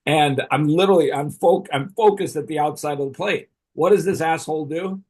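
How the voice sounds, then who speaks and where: A man's voice: on the high side, brisk, a little mellow, breathy edge. A middle-aged man telling a rambling, profane story in casual chat, often laughing as he goes. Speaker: podcast host.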